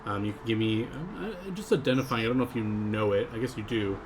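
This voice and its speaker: A man's voice: lowish voice, quick pace, noisy background. Laid-back male game master. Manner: relaxed narration with frequent laughs and fillers. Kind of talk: narrating a tabletop game on a live stream.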